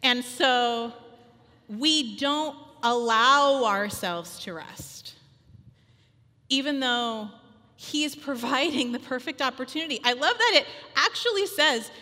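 A woman in her thirties giving a chatty, animated sermon full of personal stories, acting out little quotes. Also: high voice, slow. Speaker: speaker at a women's church gathering. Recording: long hall reverb.

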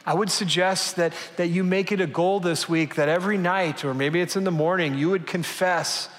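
High-voiced pastor preaching in an echoey hall. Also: male voice, fairly even intonation, moderate pace, fairly bright tone. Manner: conversational, self-deprecating humor, earnest. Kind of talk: sermon.

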